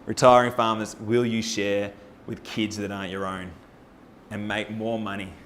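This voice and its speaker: Male presenter, low register, upbeat persuasive forum pitch. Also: normal speed, slight background noise. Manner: energetic, rallying, with rhetorical questions to the audience. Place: live talk at a farming forum.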